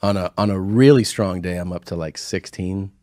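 Casual male comedian, lowish voice, dry close sound, crude storyteller. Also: moderate pace, dark tone, dry recording. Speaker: comedian on a podcast.

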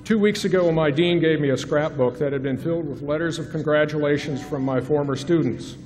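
A man's voice: on the high side, a little mellow. A middle-aged man, a faculty member, giving a formal, reflective commencement address from a podium. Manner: reflective, measured, rhetorical questions. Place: large hall at a graduation ceremony. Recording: reverberant hall, faint hiss.

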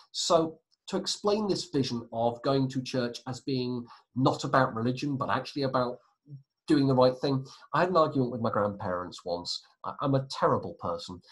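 A male history teacher lecturing in a loose, conversational way. His voice sits at an ordinary middle pitch, and he often wanders off into self-mocking asides. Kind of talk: classroom lecture.

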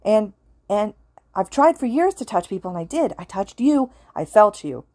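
Brief: a woman playing a snappish teen ghost boy, raised and loud, frantic, dry close audio. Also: medium pitch, very animated, normal speed, no room sound, voice pushed up, close to an everyday voice. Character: agitated teenage boy ghost, sharp-tongued.

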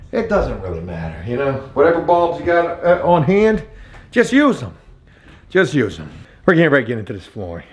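A man's voice: on the high side, roomy sound. A young man talking casually through his home renovation work, chatty and self-mocking, with the odd curse. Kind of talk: casual vlog narration while working.

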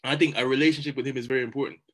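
A man giving a motivational talk, animated and chatty, often repeating words as he goes. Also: mid-range voice, rapid-fire. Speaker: motivational speaker.

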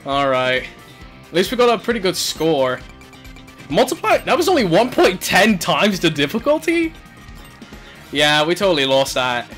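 A man commentating his own racing game play, excitable, shouting and laughing at the game. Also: sits high, moderate pace, soft background music. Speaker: gaming channel host.

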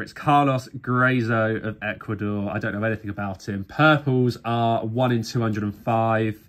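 A man from England talks through a vlog in a chatty, self-mocking way, sounding a little tired. He keeps calling out to his viewers as he goes, at an ordinary pitch for a man. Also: a bit bright. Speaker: sticker collecting YouTuber. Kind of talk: casual vlog commentary.

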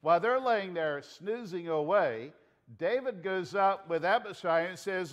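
A man with a Southern US accent preaching a sermon as pastor, telling the story with animated delivery, shouting out lines and dropping to hushed asides. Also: high-pitched, moderate pace.

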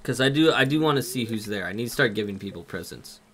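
A fast-talking young streamer with a Minnesotan accent and a medium-pitched voice gives excitable, jokey live commentary on a game, reading its text out loud as he goes.

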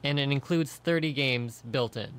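A man's voice: mid-range voice, fairly bright tone, clean tone. A young man co-hosting a radio talk show, casually presenting news items and moving the chat along. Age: young adult. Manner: brisk, moves the talk along to the next topic.

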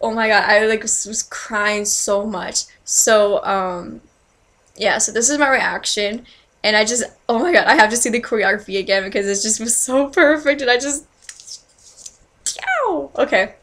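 A young woman chatting casually in a reaction video, gushing and excitable, full of "like" and "oh my god" fillers. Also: medium pitch, normal speed. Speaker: reaction vlogger. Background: music playing.

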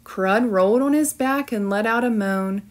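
A woman teacher reading a storybook aloud with clear, expressive narration. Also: fairly high pitch, moderate pace.

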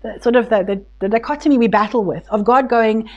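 A woman's voice: on the high side, a little fast, dull audio. A woman teaching a Bible study group in a casual, conversational way, with many restarts, speaking tenderly when voicing God. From South Africa.

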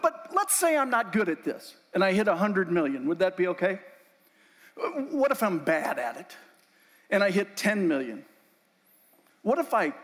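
A man's voice: sits high, a bit bright. A man giving an inspirational faith talk to a group, telling personal stories in a conversational, emotional way with asides to the audience. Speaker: speaker. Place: event room. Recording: long hall reverb.

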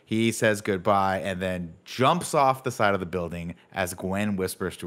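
A man's voice: low voice, fairly bright tone. A man co-hosting a podcast, casually recapping a film scene by scene in a playful, joking way. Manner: playful, acts out lines in quick jokey voices. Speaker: podcast co-host.

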